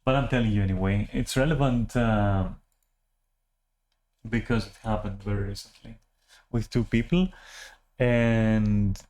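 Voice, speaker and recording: A man's voice: fairly low pitch, fairly even intonation, measured pace, long pauses, a little mellow. Rambling, swearing young man ranting. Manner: rambling, self-deprecating, swears freely; frequent restarts and filler words. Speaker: vlogger. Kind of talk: casual rant to camera.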